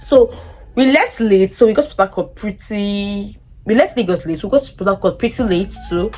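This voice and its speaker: A young woman with a Nigerian English accent telling a personal story to her vlog audience, lively and acting out what people said. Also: fairly quick, soft background music. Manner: animated, acts out quoted dialogue in a much higher voice. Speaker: vlogger. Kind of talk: casual storytelling.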